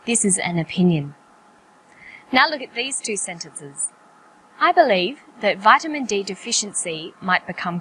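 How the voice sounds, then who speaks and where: A woman narrating an English pronunciation lesson in a clear, careful, explanatory way. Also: mid-range voice, fairly bright tone, slight background noise, rough recording. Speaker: English teacher.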